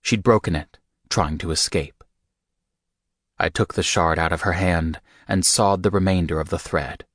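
A man reads a first-person audiobook in a measured, steady way. His voice sits very low. The sound is dry and close, with no room around it. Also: dry recording. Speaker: audiobook narrator.

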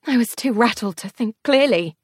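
A woman's voice: fairly high pitch, moderate pace, breathy edge, no echo, clean studio sound. A woman narrating a first-person fantasy story in an audiobook, telling it expressively. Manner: expressive, tense storytelling pace shifts.

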